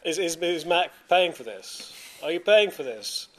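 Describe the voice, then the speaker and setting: A man's voice: fairly high pitch, lively intonation, a little slow, fairly bright tone. Chatty male podcast host, rambling. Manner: rambling, restarts often, laughs easily. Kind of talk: casual podcast chat.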